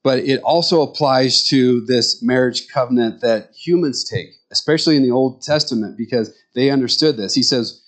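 A middle-aged male pastor giving a conversational sermon, telling stories with animated quoted voices. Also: medium pitch, normal speed, few pauses.

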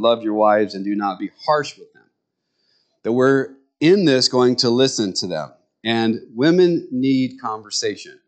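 A middle-aged man preaching a sermon in a folksy, conversational way, full of rambling asides, jumping up in pitch when he acts out what others say. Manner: jumps to high pitch when acting out others' words. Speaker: pastor.

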